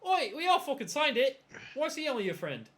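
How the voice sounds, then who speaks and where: A man voicing a brash, rowdy male adventurer who swears loudly in a put-on accent. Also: very high-pitched, very animated, a little fast, a little hiss or hum, pitched above the performer's own voice, exaggerated voice. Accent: put-on British-style 'oi' accent. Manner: loud, swearing, boisterous.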